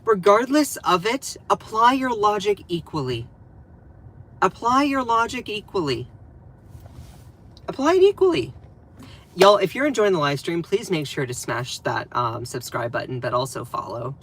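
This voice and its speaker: A man's voice: high-pitched, very animated, moderate pace, a bit bright. A man with a Southern US accent giving casual live-stream commentary, emphatic and repeating phrases for stress.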